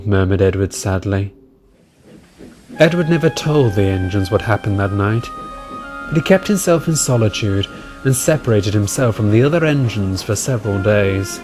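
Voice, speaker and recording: A man narrating a storybook tale in a measured, calm way. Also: on the low side, faint music behind.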